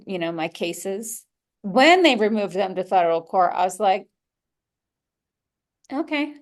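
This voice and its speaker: A young adult woman hosting her own podcast, speaking candidly and animatedly, laughing and swearing freely. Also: medium pitch. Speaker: podcast host. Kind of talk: personal podcast talk.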